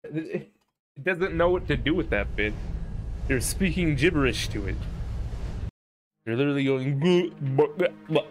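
A young man streaming a game live, rambling and cursing in casual commentary, with sudden shouts. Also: a little high, animated, normal speed, long pauses, soft background music. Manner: rambling, profane, sings and shouts in bursts. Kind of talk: casual let's-play commentary. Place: home streaming setup.

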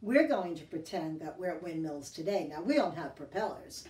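A woman hosting a children's library storytime, talking to kids in a gentle, teacherly sing-song and reading a picture book aloud. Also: sits low, lively intonation, normal speed, far from the mic. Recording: echoey room, voice off-mic, guitar behind.

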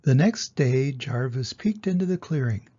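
An older man, a grandfather, reading a children's storybook aloud in a gentle, lively storyteller's way. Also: medium pitch, moderate pace, breathy edge, muffled recording.

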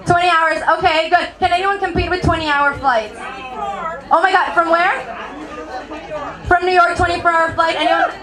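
A woman's voice: very high-pitched, steady tone, moderate pace, pauses often. A young Mexican woman doing a chatty, self-mocking stand-up set, often laughing through her punchlines. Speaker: stand-up comedian. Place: comedy venue with a live audience. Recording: crowd noise from a live audience.

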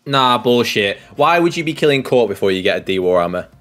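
A man's voice: medium pitch, big pitch swings, fairly quick, fairly bright tone, faint music behind. A man co-hosting a casual quiz show, teasing and swearing in disbelief. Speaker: co-host. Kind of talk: casual game-show banter.

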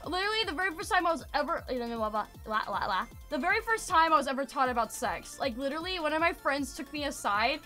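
A woman livestreamer telling rambling, animated stories in casual chat, filling her talk with fillers and greeting viewers as she goes. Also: high voice, fairly quick, few pauses, soft background music.

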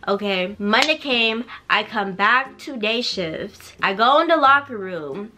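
A young woman vlogger in her twenties telling a casual story at home, blunt and animated, full of slang and swearing, keeping her voice down at night. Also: a little high, a little hiss or hum. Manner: drops to a quieter voice so neighbors won't hear.

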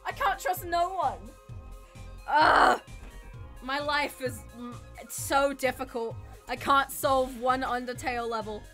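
A young woman streaming a video game, excitable and loud, who swears often and keeps squealing and exclaiming. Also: high voice, slow pace, soft background music. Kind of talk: live gaming stream commentary.

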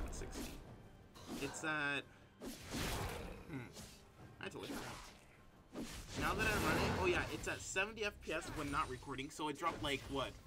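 A fairly high-voiced man talks through his video game in loose, rambling commentary, often bursting into exasperated exclamations. Game music plays clearly behind him. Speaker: gameplay commentator. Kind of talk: casual live gameplay commentary.

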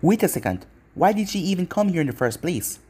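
A man's voice: sits high, big pitch swings, a little fast, warm tone, breathy edge, heavily acted. A man voicing a bored, feisty young female ninja in a fan-made story reading, speaking bluntly and suspiciously. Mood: restless.

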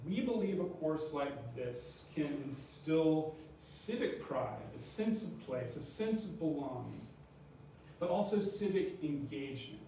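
A man's voice: a little high, very animated, measured pace, mellow. A man, a history professor, giving a public lecture with slides in a museum, explaining and posing questions to the audience before answering them. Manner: explanatory, asks and answers his own questions. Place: museum talk room. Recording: very echoey room, distant mic, faint noise.

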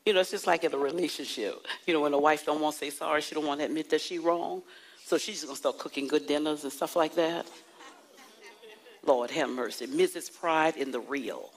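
Husky-voiced woman preaching a sermon. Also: sits low, a faint crowd, rough recording. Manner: call-and-response preaching, dramatic slowed emphasis, acts out anecdotes. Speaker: prophetess preaching.

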